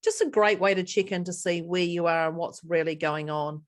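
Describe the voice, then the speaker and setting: A woman co-hosting a relaxed podcast conversation. She talks in looping, repeated phrases and laughs easily between thoughts. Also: on the low side, moderate pace. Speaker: podcast co-host. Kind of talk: casual chat.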